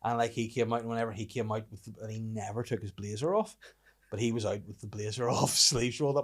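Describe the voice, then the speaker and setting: A young Northern Irish man hosts a podcast, talking fast in a lowish voice. He tells stories in loose, casual chat, swearing plenty and narrating with real animation.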